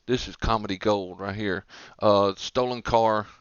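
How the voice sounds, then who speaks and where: A man's voice: fairly low pitch, steady tone, measured pace, clean tone, dry recording, highs cut off. A man with a Southern American accent co-hosting a casual comedy podcast, rambling through stories and acting out the people in them. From Southern United States. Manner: rambling storyteller, acts out characters with big voices. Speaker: podcast co-host.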